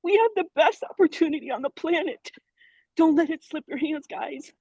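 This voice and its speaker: A woman in her late forties giving an excited, emotional testimonial on a video call, laughing and near tears. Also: high voice, normal speed, no room sound, rough recording. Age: 40s. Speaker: team member sharing a success story.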